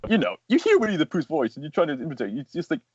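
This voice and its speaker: A man's voice: on the high side, wildly swooping pitch, rapid-fire, darkish tone, husky, no room sound, muffled recording. A man, a voice actor and animator, talking as a guest in a casual interview, explaining earnestly at length with plenty of fillers.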